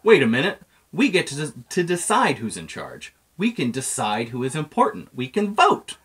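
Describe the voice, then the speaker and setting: A man's voice: a little high, huge pitch swings, normal speed, fairly bright tone, breathy edge, pitched above the performer's own voice, heavily acted. A man voicing a friendly, clever pet dog who talks eagerly.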